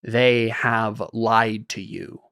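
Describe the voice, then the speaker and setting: A man voicing a solemn, knowing alien, speaking slowly and quietly in measured phrases. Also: mid-range voice, no room sound, clean studio sound. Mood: forceful, grave.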